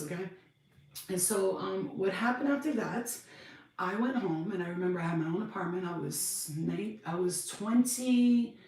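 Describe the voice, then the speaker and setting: A woman, telling her life story on a podcast, blunt and animated, acting out other people's voices. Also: mid-range voice, distant mic. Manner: blunt, animated, swears freely, acts out voices. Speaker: podcast host. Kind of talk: casual storytelling monologue. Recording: echoey room, voice off-mic.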